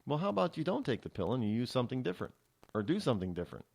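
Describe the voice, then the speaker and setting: A man's voice: medium pitch, sing-song, very fast, creaky, darkish tone. A man hosting a talk show, delivering a rambling, sarcastic opinion monologue with many restarts. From New England.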